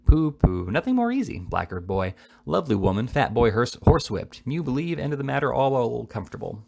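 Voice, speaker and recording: A man's voice: medium pitch, big pitch swings, brisk, gravelly, darkish tone. A man reading aloud, voicing a glib scheming man who talks in clipped, jerky phrases.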